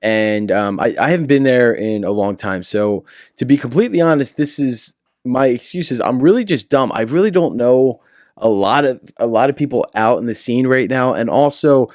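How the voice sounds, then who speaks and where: A man's voice: medium pitch, normal speed, a little mellow, no echo, studio quality. A man with a South Jersey accent co-hosting a comedy podcast, wisecracking and saying dude a lot. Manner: wisecracking, calls people dude. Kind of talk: casual podcast banter.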